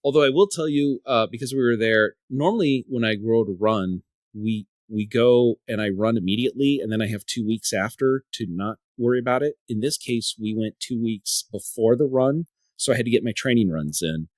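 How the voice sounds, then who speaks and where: A man's voice: medium pitch, normal speed, few pauses, no room sound. Rambling male podcast host, dry sound. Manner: rambling storyteller, repeats and restarts words. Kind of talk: casual chat.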